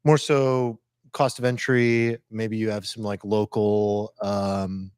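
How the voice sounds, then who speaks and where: A man hosting a casual podcast chat, relaxed and joking as he leads the questions. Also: lowish voice, slow pace, clean tone, no room sound, studio quality. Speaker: podcast host.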